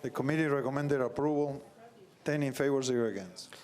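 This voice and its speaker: A man's voice: medium pitch, fairly quick, darkish tone. A man reporting as planning committee chair at a council meeting, giving vote tallies in a short formal way. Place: council chamber.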